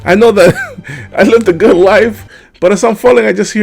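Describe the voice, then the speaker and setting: A man from the Dominican Republic telling a comedic childhood story, animated and laughing often with casual fillers. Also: high-pitched, brisk, vocal fry, soft background music.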